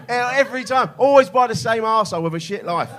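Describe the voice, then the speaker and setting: A man's voice: very high-pitched, lively intonation, fast talker, fairly bright tone. A man doing a stand-up comedy set in a club, brash and swearing, mocking laddish banter. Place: comedy club with live audience. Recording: live club with crowd laughter.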